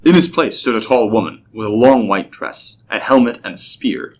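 A man narrating a scripted story in a steady, even way. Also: fairly low pitch, moderate pace.

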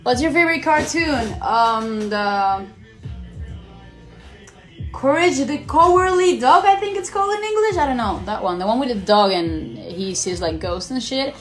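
A woman's voice: fairly high pitch, expressive, measured pace, faint music behind. A young woman live-streaming, casually chatting and swearing as she answers viewer questions, switching between Spanish and English.

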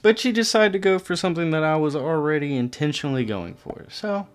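A man's voice: a little high, lively intonation, a little fast, smooth. A man commentating on his own gameplay, exasperated and swearing casually as he talks straight to the opponents on screen. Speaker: gaming channel host.

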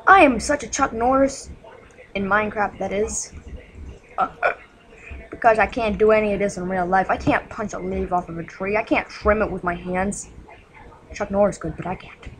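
A woman giving casual gameplay commentary at home, excitable and jittery, yelling insults at game monsters. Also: mid-range voice, moderate pace, slight background noise, low-quality recording. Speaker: gaming channel host.

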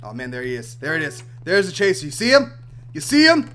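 Animated young man narrating gameplay. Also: a little high, fast talker. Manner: animated, swings from loud excitement to mumbling asides. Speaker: gaming channel host. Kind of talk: excited gameplay commentary.

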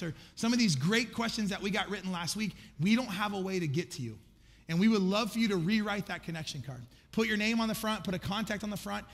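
Middle-aged male pastor, conversational self-deprecating preacher, high gravelly voice. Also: fairly bright tone. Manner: conversational, self-deprecating, acts out his own prayers. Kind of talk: sermon. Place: large church auditorium. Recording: echoey church hall reverb.

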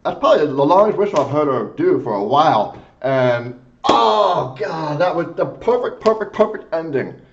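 A man's voice: a little high, sing-song, moderate pace, few pauses, dull audio, noisy background. A man hosting a music reaction video, gushing and emotionally moved as he comments. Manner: gushing, effusive, exclaims often.

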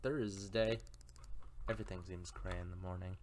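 A let's player casually reads a video game's text aloud in a deep, slightly mellow voice with fairly even intonation. He goes slowly and musingly, now and then stammering. A little hiss or hum sits under the audio.

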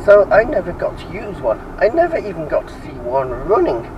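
A jokey man in his forties talks to camera from behind the wheel, his voice swinging up and down in pitch. He sits back from the microphone, and loud road and engine noise runs under everything he says. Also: huge pitch swings, a little fast, recorded from a distance, highs cut off. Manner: chatty, jokey, rambling with fillers. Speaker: vlogger. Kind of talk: casual chat while driving. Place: inside a moving car. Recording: loud road noise, mic away from the speaker. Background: car engine and road noise.

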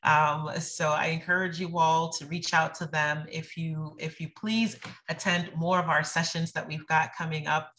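A woman's voice: low voice, steady tone, moderate pace, fairly bright tone. A woman with a New England accent moderating a video-call panel, friendly, with many ums and restarts. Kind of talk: webinar panel wrap-up.

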